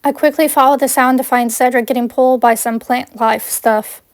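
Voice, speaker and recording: Reading her fan fiction in the first person, a woman sounds plain and earnest, her voice pitched a bit high. She keeps a steady tone at a moderate pace, and the sound is close and dry without any room echo.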